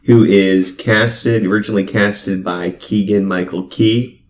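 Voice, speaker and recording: Easygoing low-voiced young man. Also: fairly even intonation, unhurried, roomy sound. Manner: easygoing, hesitant, many fillers. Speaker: podcast co-host. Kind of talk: casual chat.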